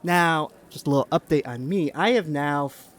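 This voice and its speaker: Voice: mid-range voice, normal speed. A podcast host leading a casual chat, talking in an earnest, rambling way and often restarting words.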